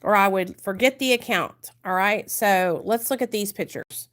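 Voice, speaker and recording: A woman's voice: medium pitch, moderate pace, a bit bright. A woman from the United States, a vlogger speaking candidly and with emotion to her viewers in a confessional vlog.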